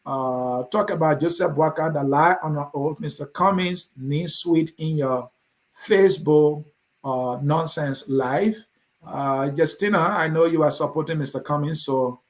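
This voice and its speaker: A man with a Liberian accent hosting a political talk show, reading viewer comments aloud and answering them with a combative, direct manner. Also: a little high. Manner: combative, addresses commenters by name.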